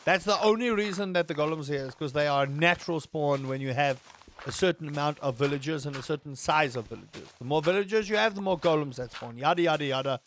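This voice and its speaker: A man commentating his game with a slightly high voice, yelling and cursing at enemies. He wanders off into long, rambling asides about what he would like the game to add. Faint noise runs underneath. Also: fast talker. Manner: excitable, swears freely, rambling asides. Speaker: gaming streamer. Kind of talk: casual let's-play commentary.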